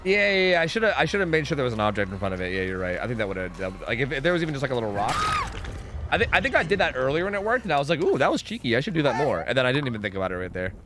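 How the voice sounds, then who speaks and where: A man's voice: mid-range voice, big pitch swings, very fast, music in the background. A young man streaming a game, chatting casually and swearing a lot as he reacts and answers his chat. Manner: chatty, swearing, lots of "like" and restarts. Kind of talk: casual gameplay commentary.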